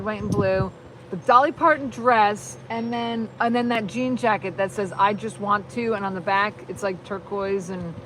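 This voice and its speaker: A woman hosting a casual live stream, chatting in a rambling, excitable way. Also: mid-range voice, noisy background. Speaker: livestream host.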